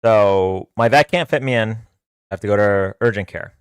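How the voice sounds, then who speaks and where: Male livestream host; smooth, rambling storyteller with lots of fillers, dry close sound. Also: on the low side, moderate pace, no room sound. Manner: rambling, filler-heavy, with frequent restarts. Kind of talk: casual storytelling.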